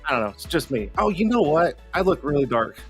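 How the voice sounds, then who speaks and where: A man's voice: a little high, big pitch swings, quick pace, faint music behind. A man hosting a casual live online show, joking and teasing his guests and laughing often. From Colorado. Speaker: livestream show host.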